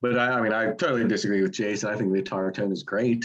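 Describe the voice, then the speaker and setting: A man's voice: fairly low pitch, steady tone, fast, highs cut off. A man co-hosting an album review show, talking in a rambling, casual way with lots of fillers and restarts. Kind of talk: casual opinionated music chat.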